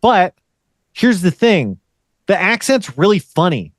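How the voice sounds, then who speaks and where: A podcast host with a high, very animated voice rants and rambles in casual chat, swearing along the way, yet keeps a measured pace. The recording is dry with clean studio sound.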